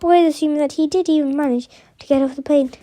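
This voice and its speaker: A woman reads a novel aloud in a high, mellow voice. She stumbles often, restarting and correcting words as she goes. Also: fairly even intonation, fast talker. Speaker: reader of an audiobook.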